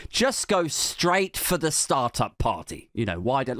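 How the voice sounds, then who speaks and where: A man's voice: mid-range voice, sing-song, takes it slowly, fairly bright tone, no room sound, clean studio sound. A man giving a sardonic, sweary comedic political rant, mocking and sarcastic. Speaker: comedian host.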